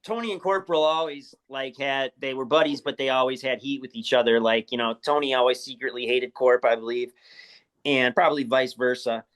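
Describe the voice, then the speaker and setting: Fairly quick and a bit bright, this medium-pitched man keeps a steady tone. He's a wrestler in his forties from around Chicago, guesting on a casual interview and sharing laugh-filled, profane stories.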